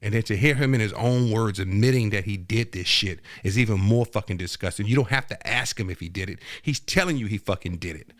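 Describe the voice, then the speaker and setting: A man's voice: lowish voice, no room sound, clean studio sound. Fiery, profane man ranting on a podcast. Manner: profane, heated and emphatic, rising to near-shouting; subdued, hesitant and soft-spoken. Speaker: podcast host. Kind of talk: angry commentary rant. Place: home dining room studio.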